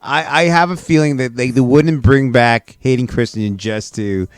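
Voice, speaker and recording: A man's voice: mid-range voice, normal speed, no echo, studio quality. A man hosting a casual fan discussion show, playful and jokey, often cutting in. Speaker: podcast host.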